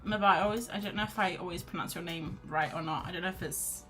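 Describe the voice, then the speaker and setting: A fast-talking woman with a fairly low voice streams her painting live from home, bundled in a blanket on the sofa. The art streamer chats and rambles, reading chat aloud and encouraging herself. Soft music plays quietly behind her.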